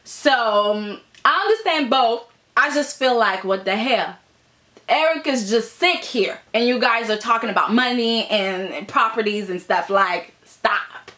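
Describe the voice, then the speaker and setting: High bright woman chatting through a soap recap, keeps saying okay, super animated. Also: a little slow. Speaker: soap opera reviewer. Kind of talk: casual vlog review.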